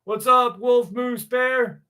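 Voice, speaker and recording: A man's voice: very high-pitched, steady tone, takes it slowly, sharp tone, smooth. A man hosting a casual livestream, joking crudely and greeting chatters by name. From New York. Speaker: livestream host.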